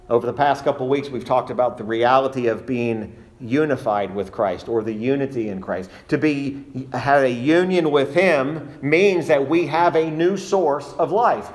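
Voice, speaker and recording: A man preaching an expository sermon in a measured, emphatic way, slowing down to stress key phrases. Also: mid-range voice.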